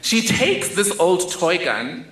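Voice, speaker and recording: Unhurried woman telling a story. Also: on the low side, big pitch swings, a bit bright, roomy sound, poor audio. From South Africa. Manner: vivid, self-mocking storytelling. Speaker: speaker. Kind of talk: storytelling talk.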